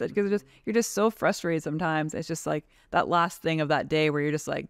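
Frank, animated woman with a gravelly edge. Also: low voice, moderate pace, no room sound, studio quality. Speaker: guest, tradeswoman and advocacy leader. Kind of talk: casual podcast conversation.

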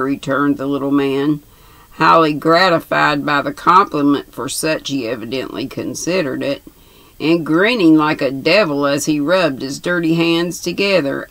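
A woman in her sixties calmly reading a novel aloud. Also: deep voice, no echo, low-quality recording. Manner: calm, measured reading. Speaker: reader.

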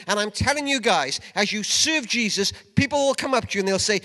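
An older man preaching a sermon at a conference, emphatic, dropping from loud urging to hushed asides. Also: very high-pitched, expressive, brisk, few pauses. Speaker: conference speaker. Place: large event hall. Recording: long reverb of a large hall.

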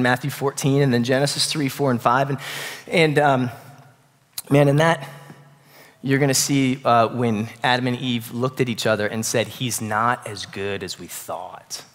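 A man preaching a sermon in a casual, conversational way, swinging between loud bursts and quiet, hushed passages. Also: medium pitch, long reverb tail. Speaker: pastor. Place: church sanctuary.

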